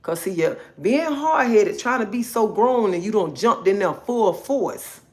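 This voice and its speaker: A woman chatting casually on a livestream, bossy and scolding. She talks at a middling pitch, repeats each point, and keeps checking in with her viewers. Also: expressive, measured pace. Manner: bossy, repetitive, scolding, keeps asking okay. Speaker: livestream host.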